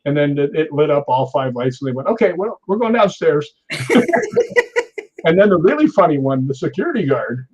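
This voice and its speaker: Lively older man spinning stories. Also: fairly high pitch, fairly quick, breathy edge, muffled recording. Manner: animated storyteller who acts out quotes and laughs often. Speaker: guest, stuntman. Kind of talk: storytelling interview.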